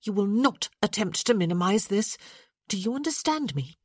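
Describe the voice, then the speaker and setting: A woman's voice: medium pitch, lively intonation, normal speed, slightly rough, no echo, studio quality, voice pushed up. A woman voicing a young noblewoman who speaks sharply and insistently, scolding in an audiobook. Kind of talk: audiobook character voice.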